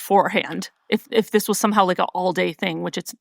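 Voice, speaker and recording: A woman co-hosting a podcast, chatting casually and cutting in with quick asides and chuckling reactions. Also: fairly low pitch, steady tone, creaky, no echo, studio quality. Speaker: podcast co-host. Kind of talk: casual chat.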